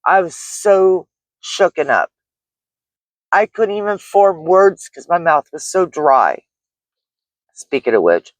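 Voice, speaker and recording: A woman's voice: fairly low pitch, slow, no echo. A middle-aged woman, a delivery driver, recounting a frightening experience in a rambling vlog story full of restarts and fillers. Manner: rambling, shaken retelling with many restarts and fillers.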